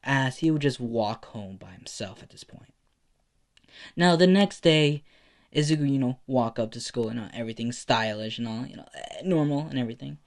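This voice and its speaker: A man's voice: medium pitch, normal speed. A man with a slight lisp narrating a fan story casually, rambling with lots of fillers.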